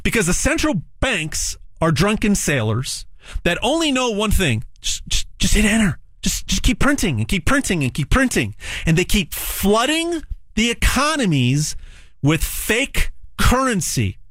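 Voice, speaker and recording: A man giving a direct sales pitch for gold, emphatic and repetitive with frequent stammered restarts. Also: wildly swooping pitch, a little slow, a bit bright, dry recording.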